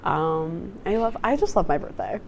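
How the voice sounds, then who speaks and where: A woman's voice: lowish voice, very animated, normal speed, gravelly. A young woman in college co-hosting a student TV talk show, chatting in an easygoing way and laughing often. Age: young adult. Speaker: student co-host. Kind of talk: casual chat. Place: campus TV studio.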